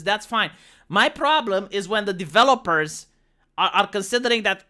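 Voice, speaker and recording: A streamer with a Romanian accent, ranting bluntly and with plenty of swearing in a casual livestream about leading raids. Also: mid-range voice. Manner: blunt, profane, animated ranting. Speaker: streamer and former raid leader.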